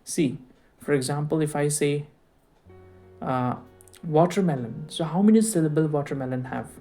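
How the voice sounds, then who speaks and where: Guy lecturing, mellow voice, keeps asking right? all the time, faint guitar in the back. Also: a little high. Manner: explains slowly, keeps asking "right?" and rhetorical questions. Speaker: teacher. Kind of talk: recorded lecture.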